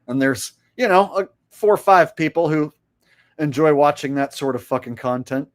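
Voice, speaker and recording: A man's voice: a little high, normal speed. A man hosting his own livestream, ranting casually and rambling with frequent swearing. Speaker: livestream host.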